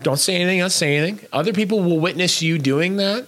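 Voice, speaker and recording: A man's voice: sits high, fast talker, fairly bright tone. A man co-hosting a casual chat, urging listeners to be kind, talking emphatically and bluntly with frequent restarts.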